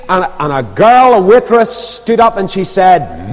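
A man preaching a sermon, telling stories with lively emphasis. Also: a little high, moderate pace, few pauses. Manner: storytelling, animated, rising and falling emphasis. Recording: long reverb of a large hall.

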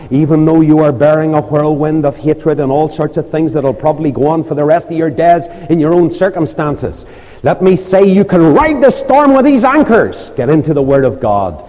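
A man preaching an evangelistic sermon in a church, pleading fervently and climbing high on his appeals. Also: dark tone, lo-fi sound. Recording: long reverb of a large hall.

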